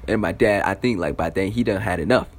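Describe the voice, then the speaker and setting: A man's voice: low-pitched, fast talker. A young man telling a casual story in a loose, profane style, with lots of fillers.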